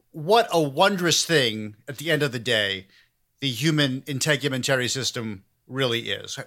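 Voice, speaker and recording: A man's voice: mid-range voice, bright, forceful tone. A man hosting a comedic interview, talking in a dry, mock-grandiose way, as if he made humanity. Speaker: podcast host.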